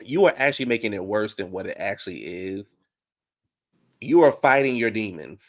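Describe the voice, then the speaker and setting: A man's voice: lowish voice, animated, normal speed. Blunt man ranting with emphatic repeats. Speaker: podcast co-host. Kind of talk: casual commentary chat.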